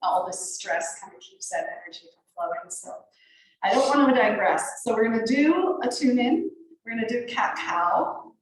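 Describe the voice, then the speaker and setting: A woman's voice: fairly high pitch, lively intonation, normal speed. A woman yoga teacher leading a beginner workshop, chatty and rambling with fillers and laughs. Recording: very echoey room, distant mic.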